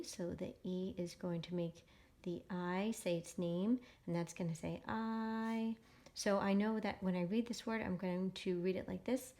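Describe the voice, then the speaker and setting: A woman teaching a phonics lesson to young children, explaining slowly and patiently. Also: medium pitch, warm tone.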